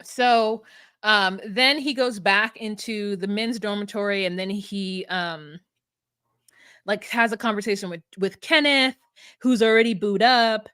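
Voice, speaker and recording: A woman's voice: mid-range voice, unhurried, clear, resonant tone, no echo, studio quality. A young woman co-hosting a casual recap chat, laughing often and acting out what people said. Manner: laughing, animated, acts out quotes. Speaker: podcast co-host.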